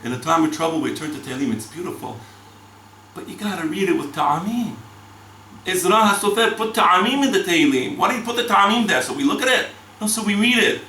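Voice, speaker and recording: Animated rabbi teaching in an echoey room. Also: male voice, sits high, fairly quick, slight background noise. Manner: animated, chanting verses in Hebrew. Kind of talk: Torah lecture. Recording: echoey room, mic from far off.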